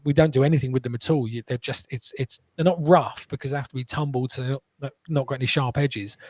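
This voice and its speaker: The guest, a male entrepreneur, shares his story in an interview with lively energy and many quick restarts. His voice is mid-pitched, and the dead, dry room leaves no room sound.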